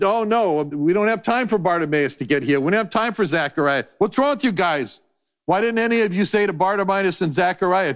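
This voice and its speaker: A preacher doing an exasperated Jesus, high and indignant. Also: male voice. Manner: rapid string of indignant questions. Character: exasperated Jesus scolding his disciples.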